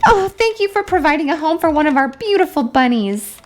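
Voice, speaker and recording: A woman's voice: sits high, very animated, a little fast, darkish tone, soft background music, pitched above the performer's own voice. A woman voicing chirpy doll sisters. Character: two cheerful young sisters running a pet rescue.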